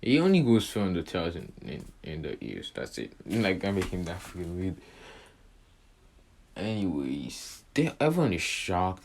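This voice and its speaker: A man's voice: sits low, huge pitch swings, measured pace, gravelly, darkish tone. A young man casually retelling a fan story, rambling with lots of fillers and correcting himself as he goes.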